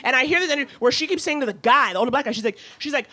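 A woman co-hosting a comedy podcast, telling a story in a sassy, animated way with laughing asides. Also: high-pitched, racing, few pauses. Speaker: podcast co-host.

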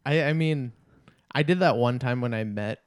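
A man co-hosting a comedy podcast, telling a story in a rambling, halting way. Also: mid-range voice, clean tone, dry recording, clean studio sound. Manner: rambling, halting, many fillers and laughs. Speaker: podcast co-host.

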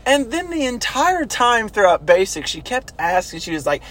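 A man casually telling stories from basic training, animated and swearing, now and then shouting out quoted orders. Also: high-pitched, normal speed. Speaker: former army recruit telling stories. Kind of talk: casual storytelling chat.

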